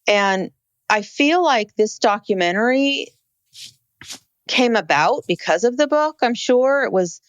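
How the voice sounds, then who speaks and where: A woman's voice: a little high, unhurried, no echo. A woman co-hosting a podcast, talking over a true crime documentary in a casual, reflective way. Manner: animated, reflective, with many restarts. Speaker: podcast co-host. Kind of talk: casual chat about a documentary.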